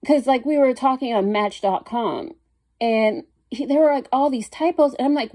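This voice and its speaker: A young woman chats casually about her dating life, in a warm, mellow voice. She's blunt and rambling, piling one thought onto the next. She gets exasperated whenever she quotes people. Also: on the high side, animated, normal speed.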